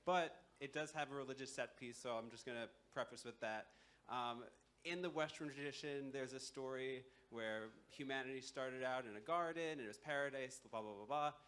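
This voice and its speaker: A man's voice: medium pitch, normal speed, fairly bright tone, smooth. A young man telling a folktale live at a campus show, casual, with many fillers and wry asides. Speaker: storyteller. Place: live university culture show.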